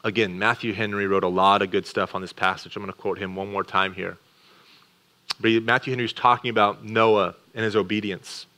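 A man's voice: on the low side, steady tone. Earnest male pastor preaching a sermon. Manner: earnest, drops to a hush on key words; swings between quick asides and slow, weighty phrases.

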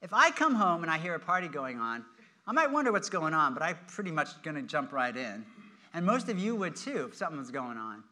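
Guy preaching, high bright voice, acts out the story all animated. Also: fairly quick. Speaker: pastor. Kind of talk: sermon.

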